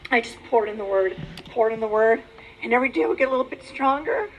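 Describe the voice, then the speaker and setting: A woman in her forties giving an animated personal testimony and teaching on faith, with emphatic, preacher-like exhortations. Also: fairly high pitch, quick pace, dull audio, a little hiss or hum. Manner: animated storytelling, acts out quoted voices. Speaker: Christian speaker on pornography.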